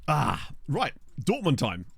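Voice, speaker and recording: Young guy streaming a game, chatty, laughs a lot, pitch jumps all over, dry close mic. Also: wildly swooping pitch, slow pace, vocal fry, a bit bright, slightly rough, no room sound. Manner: chatty and jokey, talking with his mouth full, laughing often. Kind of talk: casual gaming livestream chat. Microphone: desk microphone.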